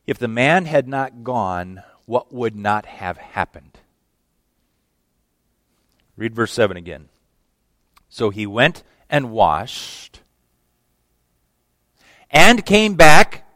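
A man preaching a sermon, animated, acting out the people in the verses he reads. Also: no room sound. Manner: animated, acts out quoted voices with big pitch swings.

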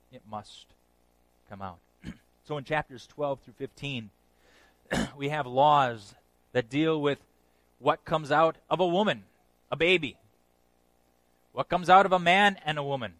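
A man preaching with earnest emphasis, his voice sitting a little high for a man. He often sinks into a hushed, low tone to press a point home. The sound is dry and close, with no room echo. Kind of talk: sermon.

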